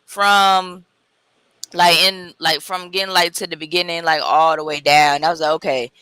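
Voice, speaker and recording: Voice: mid-range voice, little pitch movement, normal speed, pushed and bright, smooth, no room sound, rough recording. A co-host in a casual wrestling review chat, joking and acting out what people said. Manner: joking banter, acts out quotes.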